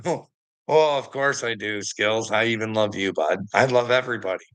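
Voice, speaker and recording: A man's voice: on the low side, moderate pace, a bit bright. A man telling a rambling story to a friend in casual chat, swearing a lot and laughing often mid-sentence. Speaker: vlogger.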